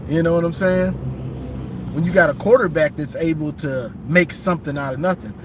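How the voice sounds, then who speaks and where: A man with a fairly high voice talks sports from behind the wheel. His delivery is emphatic and lively, full of repeats and restarts. Loud road noise from the moving car sits under him. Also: fairly quick. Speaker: sports vlogger. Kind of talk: casual sports talk. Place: in a car while driving.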